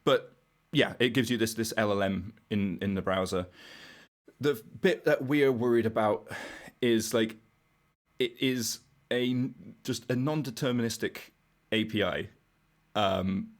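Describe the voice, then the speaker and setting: A man's voice: lowish voice, measured pace. A British man, a guest on a podcast, explaining technical ideas in a casual, wry way and thinking aloud as he goes. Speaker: podcast guest, browser engineer.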